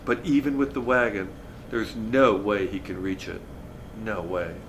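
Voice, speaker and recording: A man reading a novel aloud in a relaxed, conversational storytelling manner. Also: fairly low pitch, unhurried, slight background noise. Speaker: reader of a novel.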